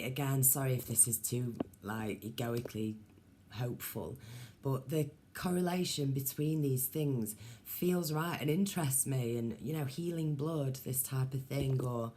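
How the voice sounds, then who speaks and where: A woman's voice: rumbling low, warm tone. A woman vlogger rambling casually to her viewers, musing aloud with many ums and asides.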